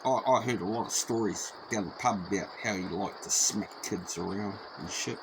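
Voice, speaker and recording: A man's voice: fairly low pitch, moderate pace. A man telling a story in a rambling, profane, repetitive way. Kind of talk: casual spoken anecdote. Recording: noisy background.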